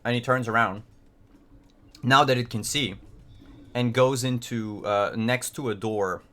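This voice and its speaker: A man's voice: medium pitch, unhurried, bright, forceful tone. Casual man narrating a tabletop game. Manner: casual, explanatory, with fillers. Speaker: game master.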